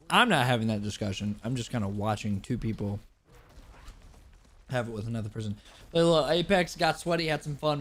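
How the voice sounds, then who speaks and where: A young man streaming live, chatting casually with viewers, thanking them and laughing loudly between comments. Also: medium pitch. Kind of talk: casual live-stream chat reacting to a clip.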